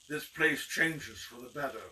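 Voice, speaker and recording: A man voicing a grandiose male stage magician who bellows slow, theatrical threats. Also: mid-range voice, sharp tone. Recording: distant mic with faint noise.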